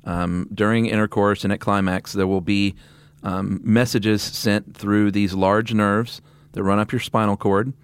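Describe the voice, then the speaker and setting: A man's voice: lowish voice, little pitch movement, unhurried, few pauses, clean tone, no echo. A man co-hosting a podcast in casual chat, wry and teasing, often laughing as he tells stories. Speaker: podcast co-host.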